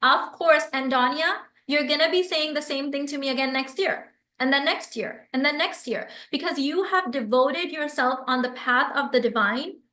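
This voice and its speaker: A woman hosts a live stream in a high, bright voice, reading viewer comments aloud and answering them with effusive, animated energy. Her voice rings a little in an echoey room. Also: normal speed, few pauses. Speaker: livestream host and business coach.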